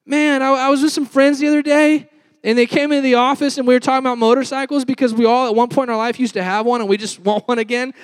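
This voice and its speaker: Young guy preaching, high voice, chatty storytelling, says y'all a lot. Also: steady tone, quick pace, clear, resonant tone, no echo. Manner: storytelling, addresses crowd as y'all, call and response. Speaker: youth pastor. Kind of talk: sermon.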